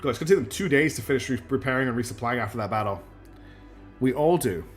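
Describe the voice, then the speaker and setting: A man's voice: medium pitch, lively intonation, fast, faint music behind. A man streaming live, thinking aloud through his gameplay and chatting back to viewers. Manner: thinks aloud while playing and answers chat.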